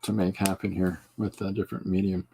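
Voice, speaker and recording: A man's voice: low-pitched, level tone, fairly quick, vocal fry, mellow, a little hiss or hum. A man hosting a podcast livestream, chatting casually and joking with viewers while he draws. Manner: rambling, joking, reacting to chat. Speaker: podcast host.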